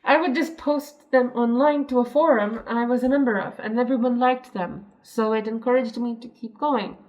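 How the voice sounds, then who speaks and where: A woman's voice: on the high side, steady tone, moderate pace, darkish tone. A young woman reading an online post aloud and reacting to it in a chatty, giggly way, often breaking off to comment. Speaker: story reader and commentator.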